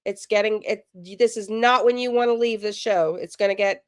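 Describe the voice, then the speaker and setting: A woman's voice: medium pitch, steady tone, moderate pace, no echo. Chatty woman on a dry mic. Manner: chatty, giggly, talks to viewers. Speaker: true crime livestream host. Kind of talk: live-stream commentary.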